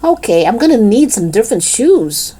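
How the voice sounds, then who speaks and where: A woman's voice: fairly high pitch, very animated, normal speed, dark tone, a little hiss or hum, voice pushed up. A woman voicing a nervous, awkward schoolboy in a storybook. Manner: awkward and hesitant. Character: nervous schoolboy dressed as a girl.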